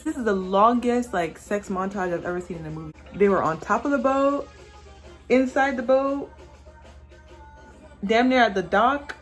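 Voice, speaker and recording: A young woman casually recapping a movie on her vlog, sassy and animated, acting out the characters as she talks. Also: medium pitch. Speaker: vlogger reviewing a movie while doing makeup. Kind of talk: casual chat.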